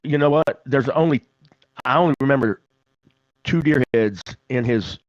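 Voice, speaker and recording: A man's voice: mid-range voice, normal speed, dry recording, lo-fi sound. A man with a West Virginian accent, a podcast host telling folksy stories in casual chat and laughing often. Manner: folksy storyteller, laughs a lot.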